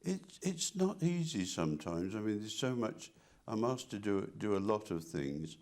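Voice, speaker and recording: An older man, an artist being interviewed, reminiscing casually in a halting way, with many restarts and repeated words. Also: lowish voice, very animated, darkish tone.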